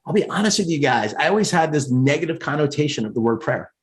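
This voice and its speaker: A man's voice: animated, fast. Earnest American man coaching on a call. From United States. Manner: earnest, conversational, emphatic rises in pitch. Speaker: career coach. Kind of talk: motivational spiritual talk on a group call.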